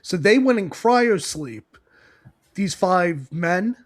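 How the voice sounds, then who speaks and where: High-voiced giggly podcast guy. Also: animated, slow. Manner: rambling, giggly, laughs often mid-sentence. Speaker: podcast co-host. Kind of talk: casual comic-book recap chat.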